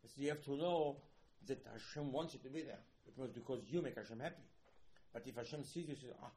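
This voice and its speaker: A man teaching a Torah lecture as a rabbi, switching between hushed asides and loud emphatic bursts and acting out little dialogues. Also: a little high, fast talker, a little hiss or hum. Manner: repetitive, acts out dialogues.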